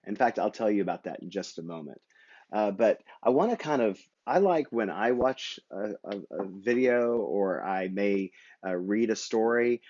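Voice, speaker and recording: A man teaching a children's Bible lesson, talking gently and playfully to the kids and acting the story out with toys. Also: on the low side, lo-fi sound. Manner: puts on simple voices for toy figures. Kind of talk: kids' Bible lesson with toy puppets.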